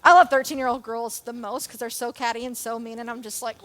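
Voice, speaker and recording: High-voiced young woman preaching, chatty and jokey. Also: fast talker. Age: young adult. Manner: chatty, self-deprecating, animated with jokes and asides. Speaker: church youth and kids leader. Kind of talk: sermon.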